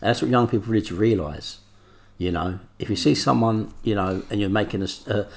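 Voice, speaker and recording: A man's voice: fairly low pitch, brisk, gravelly, slight background noise. A man speaking as an interview guest, earnest and reflective as he looks back on his past. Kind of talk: interview talk.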